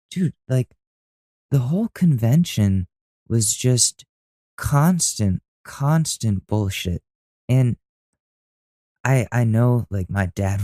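A man's voice: on the low side, a little mellow, no echo, clean studio sound. A young man hosting a podcast, ranting casually and with exasperation, swearing freely. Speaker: podcast host. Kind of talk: casual rant to camera.

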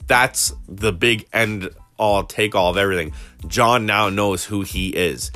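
A man with a fairly low voice talks through a TV episode in a casual, rambling way, retelling scenes and often restarting his sentences. Faint music plays softly behind him. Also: a little slow. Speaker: TV episode recap vlogger.

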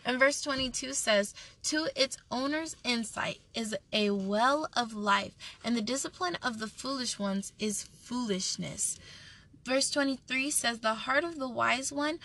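A woman's voice: on the high side, a little slow, pushed and bright. A woman giving an earnest, chatty devotional talk and reading scripture aloud, often restarting her sentences. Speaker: devotional speaker.

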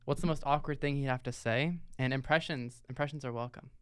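A woman's voice: extremely low pitch, a little fast, smooth, no room sound. A woman co-hosting a podcast, musing aloud in a rambling, casual way. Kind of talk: casual interview chat.

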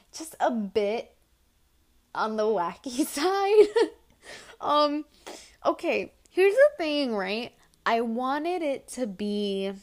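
A young woman chatting on her solo podcast in an unhurried, meandering way. She strings her stories together with plenty of likes and ums, circling back on her own words. Her voice sits at an ordinary middle pitch. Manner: rambling, animated storytelling with filler words. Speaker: podcast host. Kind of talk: casual solo podcast chat.

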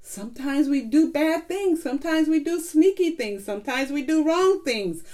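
A woman's voice: high-pitched, expressive, moderate pace, mellow. A middle-aged woman teaching a children's Bible lesson in a coaxing, sing-song way, asking the listeners questions.

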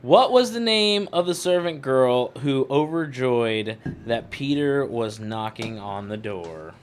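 A man's voice: mid-range voice, lively intonation, slow. A man with a mid-range voice hosts a casual podcast chat. He poses quiz questions to the others with a wry edge. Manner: quizzing, wry. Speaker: podcast host.

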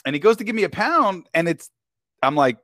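A man's voice: high-pitched, sing-song, fairly quick, fairly bright tone, no room sound, clean studio sound. A man, a podcast guest, telling a story in casual chat, talking in slang and keeps asking "you know what I mean".

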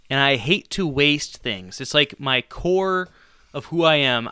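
A man co-hosting a podcast spins a long, animated story, laughing at himself as he goes. His voice is bright, smooth and a touch high for a man, heard close and dry with no room around it. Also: takes it slowly, dry recording. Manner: animated, self-deprecating storyteller with bursts of laughter. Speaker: podcast co-host. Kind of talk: casual storytelling on a sports podcast.

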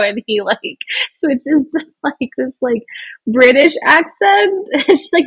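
Giggly woman gushing about a movie on a podcast, breathy and kinda high. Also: lively intonation, a little slow, fairly bright tone, no room sound. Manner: giggly, enthusiastic, laughs often. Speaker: podcast co-host. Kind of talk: casual chat recapping a film.

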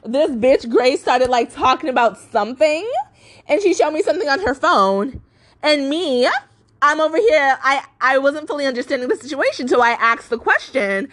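Speaking at a moderate pace with an animated, somewhat bright voice, a woman in her twenties rants on her podcast. She's profane and emphatic, full of fillers, and mimics others in a mocking high pitch.

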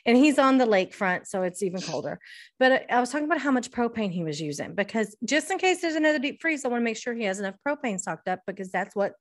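A middle-aged woman, a podcast co-host in casual chat, telling an animated story, swearing freely and restarting often. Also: fairly high pitch, fast talker.

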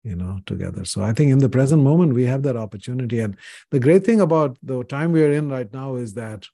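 A man's voice: mid-range voice, expressive, quick pace, vocal fry, dark tone, no echo, studio quality. A man in his sixties from India, a podcast guest telling personal stories in an earnest, reflective way, often saying "you know". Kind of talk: reflective interview conversation.

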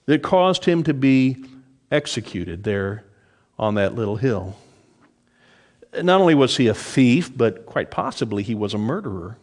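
A middle-aged man preaching a sermon, lively in delivery, dropping low and soft when quoting scripture. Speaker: pastor.

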